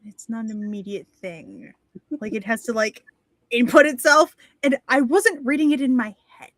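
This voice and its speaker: A woman's voice: a little high, normal speed, a bit bright, no echo. A woman chatting casually, then reading a funny piece aloud, laughing between lines. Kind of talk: casual chat.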